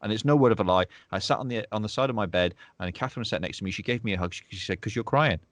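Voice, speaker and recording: A man with a lowish voice talks as a podcast guest. He speaks effusively and often repeats his words. The sound is dry and close. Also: very fast, no room sound. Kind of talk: casual interview chat.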